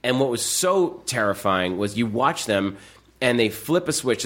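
Animated man telling stories. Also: mid-range voice, brisk. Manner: animated storytelling with acted-out quotes. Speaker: podcast guest. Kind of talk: casual chat.

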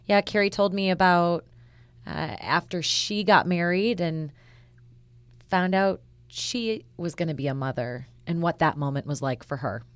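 A woman's voice: on the low side, measured pace, dry recording. A woman news reporter talking through a story in an earnest, conversational way. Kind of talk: podcast news discussion.

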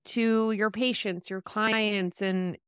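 Female interview host, casual and enthusiastic, smooth clear tone, close dry recording. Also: medium pitch, fairly even intonation, slow, no room sound. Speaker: podcast host.

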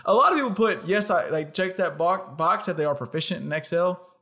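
Chatty higher-voiced man co-hosting. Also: a little fast, pushed and bright. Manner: chatty, rambling, laughs often. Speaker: podcast co-host. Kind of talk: casual chat.

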